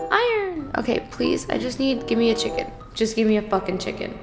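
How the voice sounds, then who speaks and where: A young woman chatting through a game stream, her voice high and swooping all over the place. She gets excitable, gasping and cursing at the game. Music plays clearly behind her. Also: normal speed. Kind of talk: casual gaming stream chatter.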